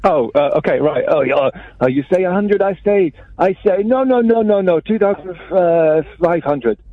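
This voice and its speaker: A man's voice: sits high, animated, moderate pace. A man calling in, hesitant and full of salesman patter. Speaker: caller. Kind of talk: playful phone-in haggling. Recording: thin phone line.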